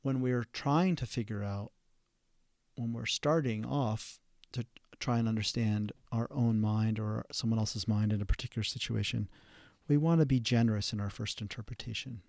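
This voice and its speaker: A man hosts an instructional therapy podcast, explaining ideas in a measured, halting way with frequent ums and restarts. His voice is low and mellow. The recording is dry and close, with no room sound. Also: vocal fry, no echo.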